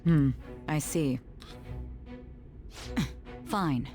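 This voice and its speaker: A woman's voice: low voice, animated, extremely slow, dark tone, heavily acted. An actress voicing a stern female interrogator in a video game, coolly probing with clipped questions. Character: stern adult female interrogator, cold and suspicious. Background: game music.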